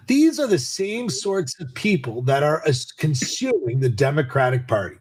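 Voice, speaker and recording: Middle-aged male host, fairly high voice, indignant, ranting commentary. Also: a little mellow. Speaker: podcast host. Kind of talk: political commentary rant.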